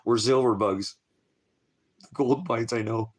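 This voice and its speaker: A man's voice: mid-range voice, takes it slowly. Distraught father, voice breaking. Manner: distraught, voice breaking, pleading and self-blaming. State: crying, struggling to keep composure. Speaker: father making a video appeal. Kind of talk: emotional personal video message.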